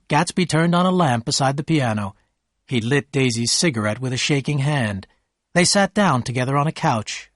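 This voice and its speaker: Male narrator, clear and measured, slow learner-friendly storytelling, mid pitch, dry read. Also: no room sound.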